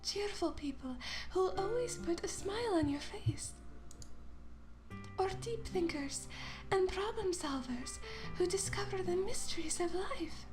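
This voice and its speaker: A woman voicing a shy, bookish teenage girl from a visual novel, reading her lines softly and dreamily over game music. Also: extremely high pitch, lively intonation, a little slow, voice pushed up. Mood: shy, wistful. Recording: game music playing behind.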